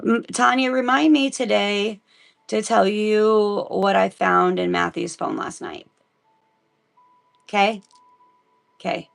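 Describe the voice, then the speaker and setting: A woman from Missouri reads Bible passages on a casual livestream and keeps breaking off to chat with her viewers. Her voice sits at a middle pitch with a gravelly, creaky texture. Her delivery is relaxed and conversational. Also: slow, pauses often, soft background music. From Missouri, United States. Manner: chatty, breaks off to talk to viewers, giggly asides. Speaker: live-stream host reading the Bible. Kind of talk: casual live-stream Bible reading.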